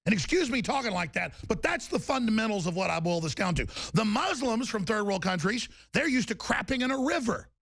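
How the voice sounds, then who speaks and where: A male talk show host in an angry, profane on-air rant, shouting insults at his targets. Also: high-pitched, big pitch swings, brisk, creaky, hardly any pauses.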